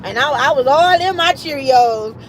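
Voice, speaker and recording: A high-pitched woman spins a casual story on her livestream. She swears freely and slips into the voices of the people she quotes, with faint street and car noise behind her. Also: moderate pace, rough recording. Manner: animated, profane, acts out quoted voices. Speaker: livestream host.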